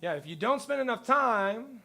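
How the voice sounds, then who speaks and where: A male pastor giving a conversational sermon to his congregation, telling lively stories and acting out the people he quotes. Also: very high-pitched, normal speed, creaky. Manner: lively storyteller who acts out quotes. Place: church service before a congregation.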